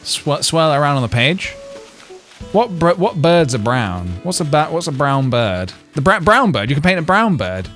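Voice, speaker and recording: A man's voice: fairly high pitch, very animated, moderate pace, fairly bright tone, soft background music. A man, streaming a game and chatting casually in a playful, rambling way full of jokes and fillers. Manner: playful, jokey, rambling with frequent laughs and fillers. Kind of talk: casual gameplay livestream chat.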